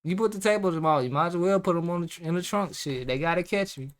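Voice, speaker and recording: A man's voice: a little high, fast talker. A man hosting a reaction video, mocking and incredulous as he comments. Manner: sarcastic, incredulous, teasing. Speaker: reaction channel host.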